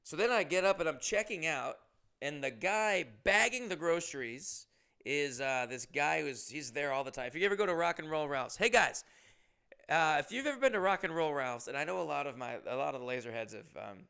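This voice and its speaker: A young male comedian hosting his podcast. He rambles through a story, often breaking off mid-sentence, and swears freely. His voice is bright, smooth and a little high. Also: expressive, a little fast. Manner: rambling, profane, self-interrupting.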